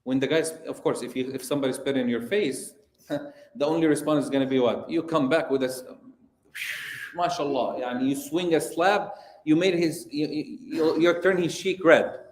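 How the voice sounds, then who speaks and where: A man, an imam, giving a religious lesson in an animated storytelling way and asking his listeners questions, in a mosque hall. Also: fairly high pitch, moderate pace. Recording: roomy echo.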